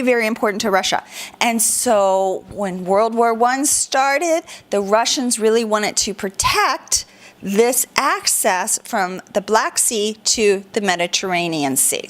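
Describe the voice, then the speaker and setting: A woman teaching a children's lesson in a playful, animated, sing-song way. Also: on the high side. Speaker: homeschool teacher.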